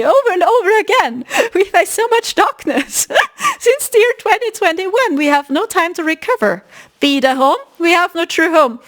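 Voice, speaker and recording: A woman hosting a spiritual podcast, telling a story in a casual, emphatic way. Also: extremely high pitch. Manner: animated, emphatic, retelling a story. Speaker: podcast host.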